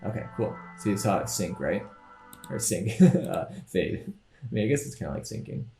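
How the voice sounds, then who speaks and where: A man teaching a coding lecture over his screen, explaining each step in a relaxed, thinking-aloud way. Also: fairly low pitch, normal speed, reverberant, soft background music. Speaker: instructor.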